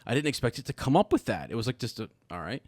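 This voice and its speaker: A man's voice: mid-range voice, big pitch swings, rapid-fire, darkish tone, husky, no echo, studio quality. A man co-hosting a casual podcast chat, reading jokes aloud, laughing often and stumbling over words. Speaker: podcast co-host.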